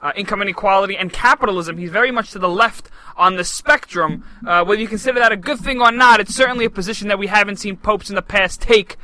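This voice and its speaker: A man's voice: high voice, pushed and bright, low-quality recording. A young adult man co-hosting a political podcast, brash and joking in casual banter. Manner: brash, joking, quick talker. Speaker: podcast co-host.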